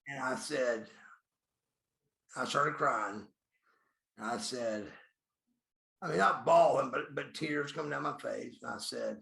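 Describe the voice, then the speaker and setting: In an echoey room, a man in his fifties who once wrestled professionally shares blunt, profane stories during a podcast interview and calls himself by name. He speaks slowly at a medium pitch, with a creaky, sharp voice and long pauses.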